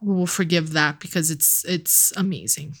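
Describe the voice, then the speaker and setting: A woman co-hosting a podcast, rambling and animated in casual movie review chat, swearing casually and laughing often. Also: sits low, normal speed, vocal fry, husky. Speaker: podcast co-host.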